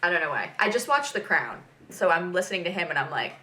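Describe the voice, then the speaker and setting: Young female vlog host: bright tone, chatty and giggly, casual. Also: fairly low pitch, big pitch swings, fast talker, slight background noise. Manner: chatty and giggly, lots of fillers and asides. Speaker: vlog host reacting to a TV episode. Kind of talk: casual reaction chat.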